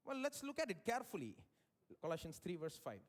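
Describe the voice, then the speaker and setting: Male pastor, high tenor, animated live sermon, big pitch swings. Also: a little fast. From India. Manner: animated preaching, sweeping swings in pitch and loudness. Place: church service.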